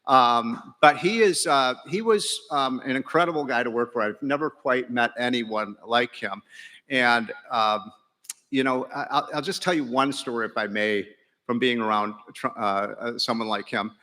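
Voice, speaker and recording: A man's voice: medium pitch, moderate pace, bright, forceful tone. A middle-aged man, an economist, giving a joking, folksy speech to a large breakfast crowd, with many fillers and restarts. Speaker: keynote speaker, economist. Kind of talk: after-breakfast speech with jokes. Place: large banquet hall. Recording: reverberant hall PA.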